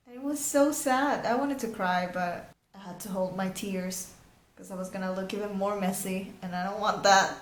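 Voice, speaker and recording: A woman's voice: medium pitch, fairly even intonation, normal speed, reverberant, a little hiss or hum. A young Venezuelan woman with a Venezuelan accent, chatting casually in a vlog about a show she just finished. She talks emphatically and swears, though a sore bitten lip makes her speech a little awkward. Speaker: vlogger.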